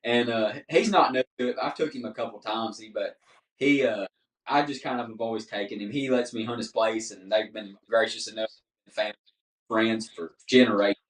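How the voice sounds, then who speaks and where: A man's voice: lowish voice, moderate pace. A man, a podcast guest telling a story in casual chat and acting out the dialogue. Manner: animated storyteller, acts out dialogue. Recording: roomy, mic at a distance.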